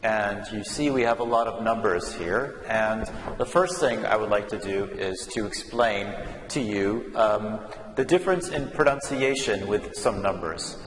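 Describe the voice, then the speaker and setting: Slow patient male English teacher. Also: fairly low pitch. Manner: patient, drills words for repetition. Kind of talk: slow classroom explanation. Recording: echoey room with long reverb and faint hum.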